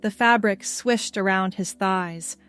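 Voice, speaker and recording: A woman reading a scripted story in an even, measured way. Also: mid-range voice, clear, resonant tone, soft background music. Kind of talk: scripted narration.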